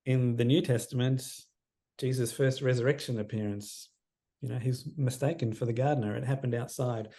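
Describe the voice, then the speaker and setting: A man in his fifties speaks as a guest in an interview, his voice gravelly with a warm, mellow tone. He talks in an earnest, reflective way and lets his sentences drift down into quiet endings. The pitch sits at an ordinary middle height for a man. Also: fairly even intonation, normal speed. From Australia. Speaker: counsellor as podcast guest. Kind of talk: personal storytelling in interview.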